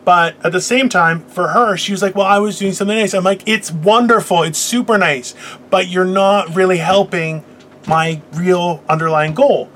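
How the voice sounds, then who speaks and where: A middle-aged man hosting a casual chat, telling stories in an animated, profane way. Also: high-pitched, normal speed, a little hiss or hum. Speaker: podcast host.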